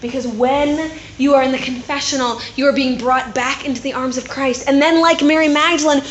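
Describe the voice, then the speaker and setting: A woman giving a chatty, animated sermon to a gathering of women, often tossing in tag questions like "right?". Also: high-pitched, brisk, highs cut off, a little hiss or hum. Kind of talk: conversational sermon. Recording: roomy echo.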